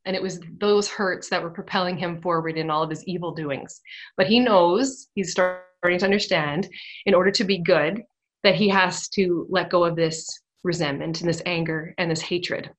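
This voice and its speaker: Woman in her 30s, radio guest, casual storyteller, warm, laughs easily, low-ish voice. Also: steady tone, moderate pace, low-quality recording. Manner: warm, laughs often, grows emotional.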